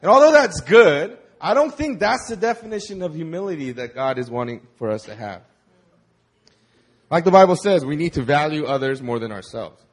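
A man preaching a sermon in a conversational, animated way, with casual fillers. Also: fairly high pitch, moderate pace, slightly rough. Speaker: pastor.

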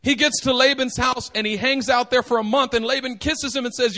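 A man preaching a sermon, animated and joking, acting out the quotes. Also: extremely high pitch, fairly quick. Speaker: pastor.

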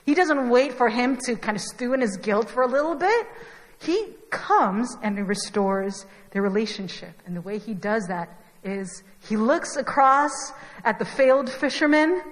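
A young woman preaching a conversational sermon, telling the story in an animated, chatty way with asides to the congregation. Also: fairly high pitch, moderate pace. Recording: long hall reverb.

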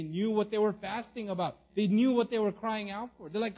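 A male pastor preaching an animated sermon, acting out the people in the story and often repeating and restarting his words. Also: high-pitched, a little fast, few pauses, dull audio.

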